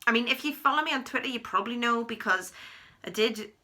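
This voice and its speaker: A woman in her thirties telling a personal story to camera in a chatty, animated way, acting out what people said. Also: a little high, fast talker. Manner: chatty, animated retelling with acted quotes. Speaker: vlogger. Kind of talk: storytime vlog.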